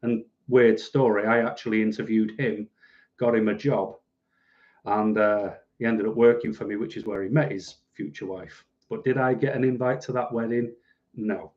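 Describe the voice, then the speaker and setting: A man's voice: fairly low pitch, fairly even intonation, moderate pace, darkish tone, dull audio. A middle-aged man chatting casually on a live stream at home, rambling and self-deprecating as he reads out viewer comments. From United Kingdom.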